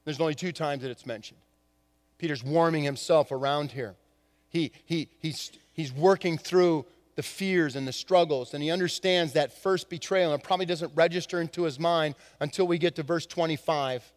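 A man preaching a sermon as a pastor, swinging from hushed lines to emphatic ones. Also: on the high side, moderate pace, in a large hall. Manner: dramatic shifts from hushed to emphatic.

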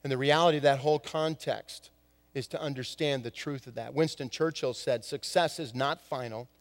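A man preaching a sermon as a pastor, swinging from hushed lines to emphatic ones. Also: mid-range voice, brisk, in a large hall. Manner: dramatic shifts from hushed to emphatic.

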